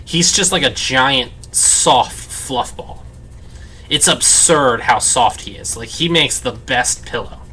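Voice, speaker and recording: A man's voice: medium pitch, slow, sharp tone, slight background noise. A man hosting a let's play, chatting casually at his parents' home in a rambling way full of "like" fillers. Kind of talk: casual gameplay commentary. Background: dogs barking nearby.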